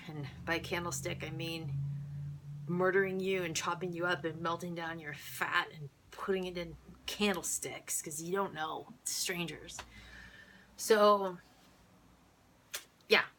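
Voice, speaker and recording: A woman in her thirties telling a story casually to camera, animated and rambling, laughing often. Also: lowish voice, a little hiss or hum.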